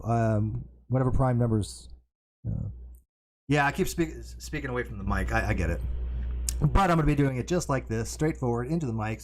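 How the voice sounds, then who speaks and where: A man hosting a casual livestream, rambling and correcting himself, with wry asides to his chat, talking into a cardioid desk mic from his home streaming room. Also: mid-range voice. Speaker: livestream host. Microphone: cardioid desk mic, sometimes turned away.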